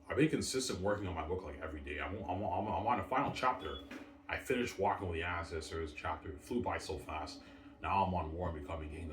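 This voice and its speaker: A man's voice: sits low, a bit bright, slight background noise. A man hosting a casual solo livestream, boasting over and over and calling out to his viewers. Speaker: livestream host. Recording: roomy, distant mic.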